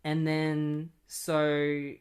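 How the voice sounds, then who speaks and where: A man's voice: on the high side, monotone, extremely slow, clear, resonant tone. A man casually retelling a comic story in a rambling, incredulous way, full of filler words. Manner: incredulous, keeps insisting he is not kidding. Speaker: comic book reviewer.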